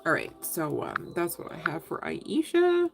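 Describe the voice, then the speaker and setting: Woman, low voice, tarot reader, chatty, laughs often, casual live stream, faint music under her. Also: huge pitch swings, unhurried, gravelly. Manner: chatty, giggly, talks straight to viewers.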